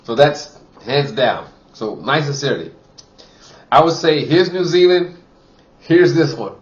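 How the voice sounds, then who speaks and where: A man's voice: a little high, unhurried, muffled recording. Chatty man reviewing wine. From Wisconsin. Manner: chatty, many "you know" fillers, excited exclamations while tasting. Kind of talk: casual wine tasting review.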